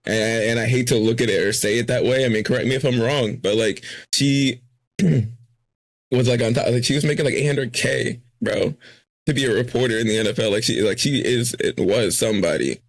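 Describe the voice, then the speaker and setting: A man's voice: mid-range voice, normal speed, dry recording. A man co-hosting a podcast in casual chat, loose and filler-heavy, acting out quoted dialogue along the way. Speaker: podcast co-host.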